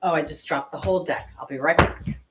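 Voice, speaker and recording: A woman's voice: sits low, brisk, a little hiss or hum. A woman, an intuitive astrologer, giving a casual oracle card reading and chatting expressively straight to her viewers.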